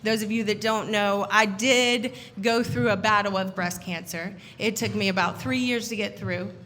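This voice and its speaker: A woman giving a funny wedding toast as the groom's sister, animated and laughing as she acts out the voices in her story. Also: mid-range voice, normal speed, a little hiss or hum. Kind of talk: humorous storytelling speech. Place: wedding reception.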